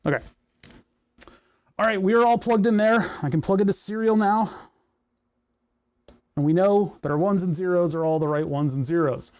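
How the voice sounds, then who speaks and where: A man with a fairly high voice chats through a hardware project on a livestream. He rambles, talks to himself, reads chat aloud and jokes at his own expense. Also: moderate pace, long pauses, a little mellow. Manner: rambling, self-mocking, thinks aloud. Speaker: livestream host. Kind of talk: casual live coding chat. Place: home workshop.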